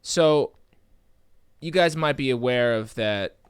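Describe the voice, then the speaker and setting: A man's voice: mid-range voice, slow pace, clear, resonant tone, no room sound, studio quality. A man hosting a live podcast, chatting casually in a playful, rambling, joking way. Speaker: podcast host.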